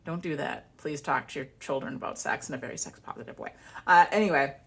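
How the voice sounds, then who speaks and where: Woman vlogger, chatty and animated storyteller, voice a touch low. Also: quick pace, creaky, slightly rough. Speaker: vlogger and author. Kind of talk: casual chat.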